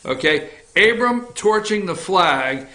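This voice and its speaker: A man hosting a political opinion show from an office, ranting bluntly with swearing, repetition and frequent shouting. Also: high-pitched, expressive, slow pace, echoey room. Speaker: talk show host.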